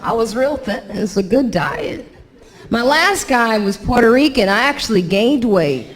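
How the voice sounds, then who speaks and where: A woman's voice: fairly high pitch, lively intonation, measured pace. A woman doing a stand-up comedy routine on a club stage, with dry, conversational punchlines into a handheld mic. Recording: live club with audience noise.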